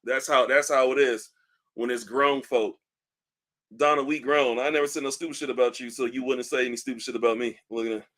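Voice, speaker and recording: A man hosting a casual livestream, reading comments aloud in a loose, profane, animated way while in back pain. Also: medium pitch, brisk. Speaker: livestream host. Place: indoors at home, seated.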